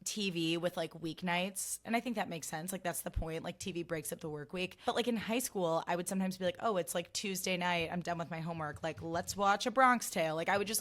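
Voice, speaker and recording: A woman in her thirties hosting a solo podcast, rambling casually with lots of "like" and free swearing. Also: lowish voice. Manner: gushy, rambling, heavy on "like", swears freely. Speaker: podcast host.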